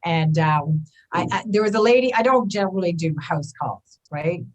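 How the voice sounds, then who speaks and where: A woman in her fifties, a wellness coach talking as a guest, animated and often acting out the voices in her head. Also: on the low side, normal speed, dull audio. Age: 50s. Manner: animated, acts out inner voices, often adds "right?". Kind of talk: casual conversational interview.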